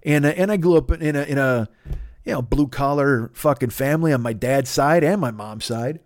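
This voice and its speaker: This medium-pitched man talks at normal speed, recorded with no echo at studio quality. He's a middle-aged podcast host from Chicago, animated and profane, ranting casually while repeatedly tripping up and restarting his lines.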